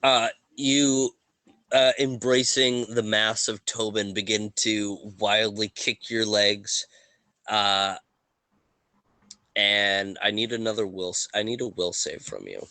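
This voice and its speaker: A man narrating a tabletop game as game master, halting with fillers and restarts. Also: lowish voice, pushed and bright, no echo.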